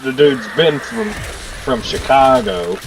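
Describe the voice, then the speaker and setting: A man telling rambling stories at a relaxed pace while chatting with friends on a game stream. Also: medium pitch. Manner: slow, rambling anecdotes with restarts. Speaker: gamer on a group stream. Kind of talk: casual chat among friends. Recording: distant mic with faint noise.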